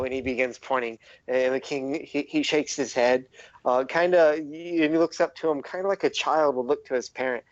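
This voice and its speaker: A man narrating a tabletop game as game master, casual and halting with many fillers. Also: mid-range voice, fairly even intonation, no room sound, muffled recording. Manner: casual, lots of likes and ums, restarts.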